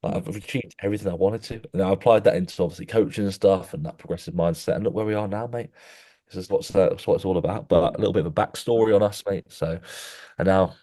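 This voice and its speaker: A young man chats loosely on a podcast, his voice sitting very low. He rambles through stories in a laddish way, dropping "mate" into nearly every sentence. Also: fast, mellow. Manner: rambling, laddish storytelling, says "mate" constantly. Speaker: podcast co-host. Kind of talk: casual chat.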